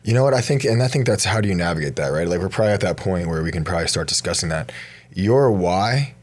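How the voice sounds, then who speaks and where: A man's voice: low voice, animated, quick pace. A young man co-hosting a casual podcast chat, earnest and emotional, swearing freely. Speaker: podcast co-host.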